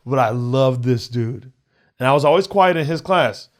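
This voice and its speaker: A man, a comedian and podcast guest, telling a personal story in a halting way, repeating words and acting out the other voices. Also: medium pitch, expressive. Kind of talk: casual storytelling.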